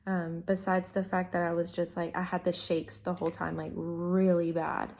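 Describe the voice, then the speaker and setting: A woman's voice: on the low side, flat delivery, moderate pace, darkish tone. A young adult woman telling a personal story in a casual vlog, rambling with many fillers and restarts. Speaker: vlogger.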